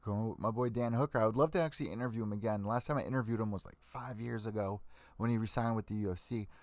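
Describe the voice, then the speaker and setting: Profane, heated ranting comes from a young man hosting an MMA podcast, who throws out fight predictions during his live-stream commentary. He talks fast in a fairly low, slightly mellow voice, and the recording is dry.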